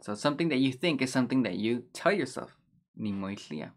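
A man teaching a language lesson over slides, patiently repeating words slowly. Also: medium pitch, expressive. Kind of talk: explaining vocabulary over slides.

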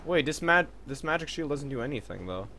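A man doing let's-play commentary on a video game, excitable and quick to swear at the enemies. His voice is bright and its pitch swings widely as he reacts. There is faint noise behind him. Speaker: gaming video host.

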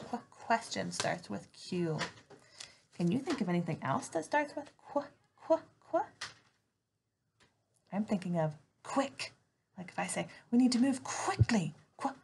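A young woman teaches a phonics lesson to small children from her home. Her voice swoops up and down in a lively, sing-song way, with a touch of gravel at the ends of phrases. She stretches out each letter sound slowly and clearly. A faint hiss runs under the recording. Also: medium pitch. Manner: slow, exaggerated sound modeling for young children.

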